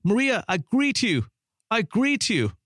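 Guy putting on a frantic priest voice, way higher than his own, dry close sound. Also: sing-song, slow pace, a bit bright, no echo, exaggerated voice. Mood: commanding. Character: frantic male priest commanding a demon.

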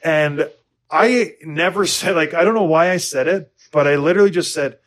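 A man's voice: on the high side, moderate pace, fairly bright tone. A man in his thirties from the United States, co-hosting a podcast in casual chat, rambling and self-deprecating with many restarts. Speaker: podcast co-host.

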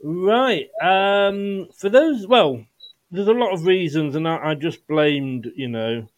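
Male podcast host, slightly high voice, rambling casual football talk, brief. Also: expressive, takes it slowly. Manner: rambling with frequent restarts and fillers.

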